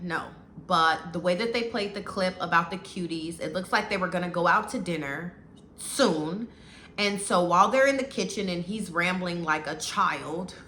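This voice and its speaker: A woman vents her take on a reality show in a casual, outspoken recap. Her voice sits a little low but comes across bright and forceful. The sound is roomy and echoey, with a faint hiss under it. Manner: animated, outspoken, blunt. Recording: echoey room with faint noise.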